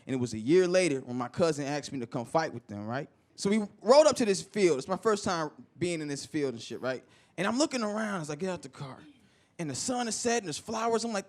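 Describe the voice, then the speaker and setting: A male stand-up comedian telling an animated story and acting out the people in it, recorded live with audience laughter. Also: high voice, a little fast. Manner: animated, acts out voices of people in his stories.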